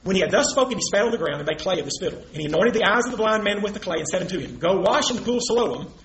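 An impassioned man preaching in an emphatic, argumentative way, his voice high and quick with lively swings of pitch. The recording carries the echo of a large room with a faint hiss underneath. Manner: emphatic, argumentative, quotes scripture. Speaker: preacher in a debate. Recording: echoey room with faint noise.

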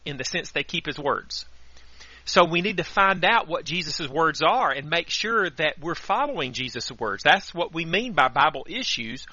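A male radio preacher gives a steady, earnest sermon and works scripture into it. His voice is bright and forceful and sits a little high. The audio is dry and dull, with a lo-fi radio sound. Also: no echo.

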